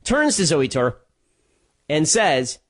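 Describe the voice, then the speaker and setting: A man delivering a solo commentary monologue, telling a story quickly with restarts and sarcastic, mocking asides. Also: on the high side, big pitch swings, fairly bright tone. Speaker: political commentator.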